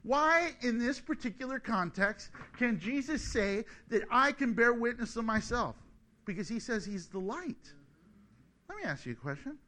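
Middle-aged male preacher, high and very lively pitch, playful sermon delivery. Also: normal speed. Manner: animated, joking, acts out voices.

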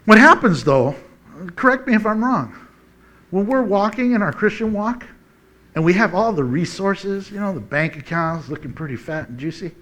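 A man preaching a conversational sermon in a folksy, animated way, chuckling often between points. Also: high-pitched, moderate pace.

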